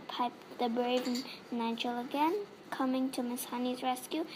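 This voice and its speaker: A woman reads a children's story aloud, expressive and lively. Her voice sits very high. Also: measured pace, a little hiss or hum. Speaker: reader.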